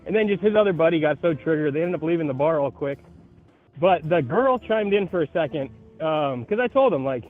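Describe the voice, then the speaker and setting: A man's voice: fairly high pitch, a little fast, faint music behind. A man calling in by phone to tell a story in casual chat, acting out the voices of the people in it. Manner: animated, acts out the voices of people in his story. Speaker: caller. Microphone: phone call. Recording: tinny phone line.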